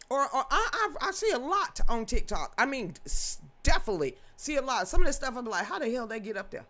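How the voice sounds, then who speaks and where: A woman, hosting a casual livestream news show, folksy and outspoken with frequent laughter. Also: on the high side. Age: 50s. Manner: animated, folksy, swears freely, laughs often.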